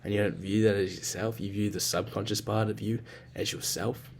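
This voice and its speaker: Low-voiced young man, rambling and profane. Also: level tone, a little fast, darkish tone, a little hiss or hum. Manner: rambling and self-reflective, with heavy swearing and slang. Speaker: vlogger. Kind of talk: casual spoken journal.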